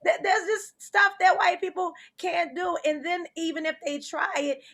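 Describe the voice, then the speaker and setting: Woman, New Orleans accent, comedy host, high pitch, animated, laughing through jokes. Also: moderate pace. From New Orleans, Louisiana. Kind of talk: stand-up comedy hosting.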